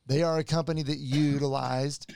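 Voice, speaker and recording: A man's voice: on the high side, fairly even intonation, normal speed, vocal fry, darkish tone, clear, resonant tone. A man, a medical practitioner co-hosting a podcast, explaining earnestly with restarts. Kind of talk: casual podcast chat.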